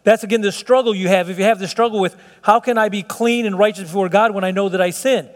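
A man's voice: sits high, fairly even intonation, quick pace, long reverb tail. A middle-aged man preaching a sermon in an earnest, conversational way, often restarting his sentences. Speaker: pastor.

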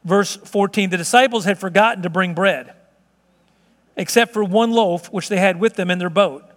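A man preaching a sermon in an emphatic, conversational way, at times dropping to slow, hushed tones. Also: sits high. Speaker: pastor. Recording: long reverb of a large hall.

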